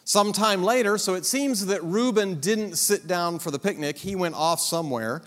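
A man's voice: high-pitched, normal speed, a bit bright. A man preaching a sermon, retelling a story with humorous, dramatic asides. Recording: long hall reverb.

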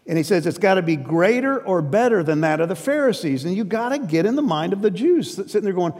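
A man's voice: high voice, expressive, fairly quick, hardly any pauses, a little mellow. Earnest preaching man in a big hall. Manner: earnest, emphatic, conversational preaching. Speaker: pastor. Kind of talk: sermon. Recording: long reverb of a big hall.

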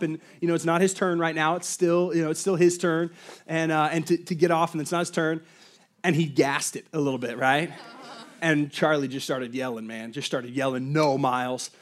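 A man in his thirties delivers a sermon as a pastor. He speaks in a somewhat high voice. He tells a story from his own life in a lively way, full of fillers and asides.

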